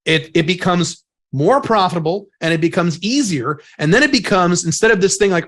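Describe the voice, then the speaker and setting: A man talking on a podcast, blunt and emphatic, with swearing sprinkled through. His voice sits fairly high for a man. He talks in a casual, punchy way. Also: expressive, fairly quick, fairly bright tone. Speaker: podcast co-host.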